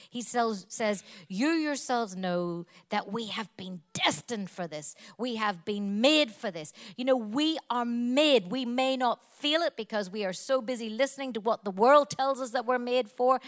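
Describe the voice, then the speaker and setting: A woman preaching a sermon, emphatic and repetitive, building her points in long spoken lists. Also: mid-range voice.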